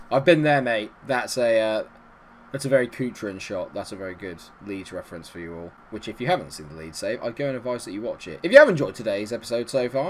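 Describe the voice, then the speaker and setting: A man hosting a gaming channel, giving excitable, ranting commentary on his own game. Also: fairly low pitch, slight background noise.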